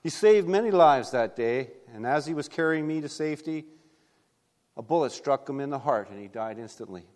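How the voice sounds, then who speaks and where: A man's voice: mid-range voice, animated, moderate pace, darkish tone, long reverb tail, lightly acted. A man voicing a humble, grateful young soldier in a sermon story, speaking earnestly.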